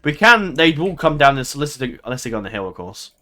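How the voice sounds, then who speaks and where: A man's voice: mid-range voice, very animated, fast, bright, forceful tone. Chuckling man thinking aloud. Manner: chatty, laughs often, thinks aloud and second-guesses himself. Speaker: gameplay commentator. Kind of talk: casual game commentary.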